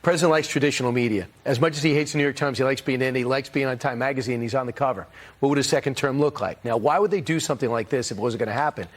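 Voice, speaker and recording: A man co-hosting a TV news talk segment, speaking in a brisk, animated way. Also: mid-range voice. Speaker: morning show co-host.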